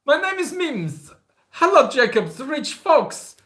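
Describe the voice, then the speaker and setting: A man putting on a squeaky, slow, sing-song falsetto as a cheery greeter. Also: big pitch swings, pushed and bright, heavily acted. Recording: echoey room.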